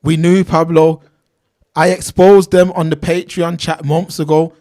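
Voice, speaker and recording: A man's voice: a little high, level tone, unhurried, warm tone. A man, hosting a casual livestream and reading viewers' names and comments aloud in street slang. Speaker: livestream host reading chat.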